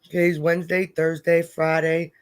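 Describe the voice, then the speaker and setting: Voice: medium pitch, level tone, normal speed, clear, resonant tone. Livestream host, chatty, reads chat aloud, casual tone. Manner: chatty, reading out viewer comments.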